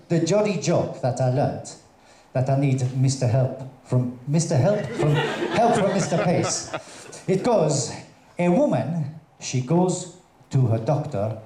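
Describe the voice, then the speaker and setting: A man doing a stand-up comedy set on a theatre stage, telling jokes in a hesitant, halting way with many fillers. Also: medium pitch, mellow, slight background noise. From Russian parents, raised in Colombia. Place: theatre stage before a live audience. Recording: echoey theatre with audience ambience.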